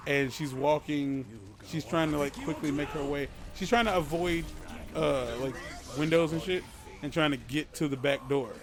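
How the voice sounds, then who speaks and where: A man's voice: on the high side, moderate pace. A man casually telling a creepy story as a podcast co-host, rambling, swearing and interrupting himself. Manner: profane, rambling, self-interrupting.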